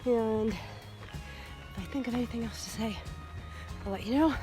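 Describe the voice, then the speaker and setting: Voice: medium pitch, a little slow, over music, low-quality recording. A vlogger with a nasal, congested voice, out of breath and rambling casually while hiking outdoors on a mountain trail. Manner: meandering, easygoing, many fillers. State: congested from illness. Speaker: traveling vlogger.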